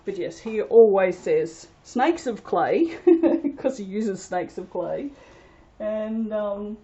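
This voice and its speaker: A woman's voice: mid-range voice, animated, takes it slowly, warm tone, breathy edge, dull audio. A woman chatting casually as she works on a soap-making vlog, rambling along with self-deprecating asides. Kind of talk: casual commentary while working.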